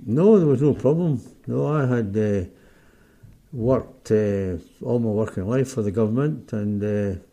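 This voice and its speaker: A man's voice: mid-range voice, measured pace, mellow. An older man with a Scottish accent, a guest in an interview, speaking plainly and bluntly. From Scotland. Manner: blunt, plain-spoken, unsmiling. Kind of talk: casual interview.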